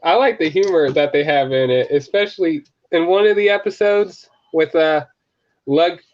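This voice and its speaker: Casual male chatter, lively and quick to laugh, slightly high voice, muffled lo-fi audio. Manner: animated, laughs often, puts on quick character voices. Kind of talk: casual chat. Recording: dull lo-fi sound.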